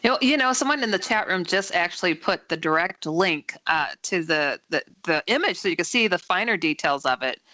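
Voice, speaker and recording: A male radio host with a high, bright, sharp voice, recorded dry and close to the mic. He chats casually and enthusiastically with his caller. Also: expressive, a little fast, hardly any pauses, no room sound. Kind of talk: casual chat.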